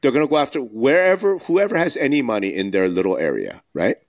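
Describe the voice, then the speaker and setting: A man's voice: mid-range voice, big pitch swings, fast talker. A man co-hosting a podcast, talking bluntly and emphatically, firing off rhetorical questions. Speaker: podcast co-host. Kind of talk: casual podcast discussion.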